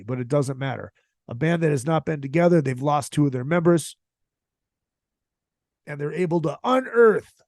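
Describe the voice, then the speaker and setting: A man's voice: a little high, creaky, darkish tone, dry recording, clean studio sound. A man hosting a podcast, talking casually with heavy swearing and strong opinions. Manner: profane, opinionated, emphatic. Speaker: podcast host. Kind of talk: casual solo podcast rant.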